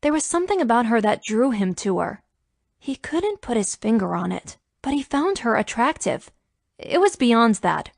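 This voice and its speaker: A woman narrating a romance audiobook in a measured storytelling manner. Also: fairly high pitch, very animated, creaky, no room sound, clean studio sound.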